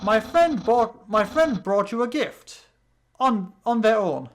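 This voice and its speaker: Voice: medium pitch, big pitch swings, takes it slowly, a little hiss or hum. Eager, friendly male skeleton, read aloud by a British player, light and upbeat, British accent.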